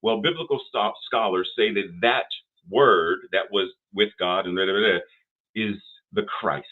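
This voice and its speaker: A man's voice: fairly low pitch, measured pace. An older man delivering a sermon as minister, building rhythmic, repetitive phrases to rising emphasis. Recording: phone-like narrow band audio.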